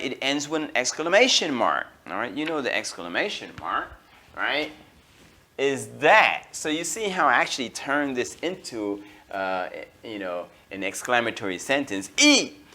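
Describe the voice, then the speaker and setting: An American man teaching an English grammar lesson, slowing down on key terms and filling pauses with okay and all right. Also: mid-range voice, pushed and bright. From United States. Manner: slows down to stress key terms.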